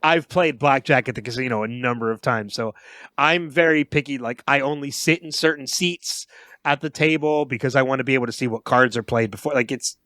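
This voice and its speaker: A man's voice: medium pitch, a little fast, fairly bright tone, no room sound, studio quality. A man co-hosting a podcast in casual chat. He rambles, keeps restarting his sentences and laughs at his own retellings. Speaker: podcast co-host.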